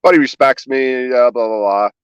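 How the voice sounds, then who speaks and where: A man's voice: medium pitch, clean tone, dry recording, lo-fi sound. A man guest on a livestream podcast, ranting in a sarcastic, exasperated, profane comedic style. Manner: loud, exasperated, sarcastic, rapid-fire swearing.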